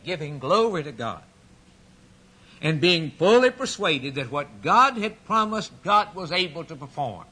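Husky man preaching an emphatic sermon. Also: a little high, bright, forceful tone. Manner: emphatic preaching with repetition and dramatic retelling.

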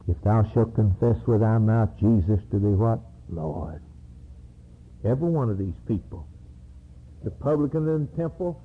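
A man's voice: fairly low pitch, lively intonation, normal speed, slightly rough. A man preaching a sermon, reading scripture and acting out its cries with dramatic emphasis. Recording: tinny lo-fi phone-like recording.

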